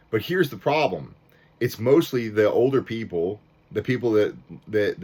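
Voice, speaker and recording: A man's voice: fairly low pitch, breathy edge. A man ranting to camera as a record collector, fired up and frustrated, with many restarts and mild cursing. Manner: fired-up, repetitive restarts, swears mildly. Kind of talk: casual rant to camera.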